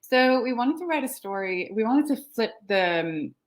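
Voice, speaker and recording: A woman's voice: fairly high pitch, lively intonation, moderate pace. A woman with a French accent, a filmmaker guest chatting casually and laughing often between her answers. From France. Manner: giggly, frequent laughter and fillers. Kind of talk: casual interview chat.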